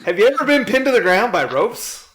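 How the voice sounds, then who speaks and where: A man playing in a tabletop game, joking and lively. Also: sits high, brisk. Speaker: player. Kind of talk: casual tabletop game play.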